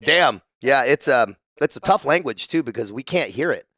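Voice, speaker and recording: A man in a casual podcast interview, telling profane, animated stories and acting out the people he quotes. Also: medium pitch, normal speed, no echo. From San Diego, United States. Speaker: guest, former special forces soldier.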